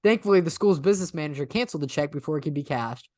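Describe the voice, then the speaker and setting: A man co-hosting a podcast in casual chat. He is animated, laughs often and lets his sentences trail off. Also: fairly high pitch, very fast, dry recording, clean studio sound. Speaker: podcast co-host.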